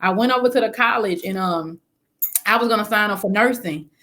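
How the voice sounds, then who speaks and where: A woman in her thirties from Memphis talks with a Southern accent. She tells her career story frankly and casually, with a few ums along the way. Her pitch sits in an ordinary middle range. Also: brisk, bright, forceful tone. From Memphis, Tennessee. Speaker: guest, spa business owner. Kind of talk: interview storytelling.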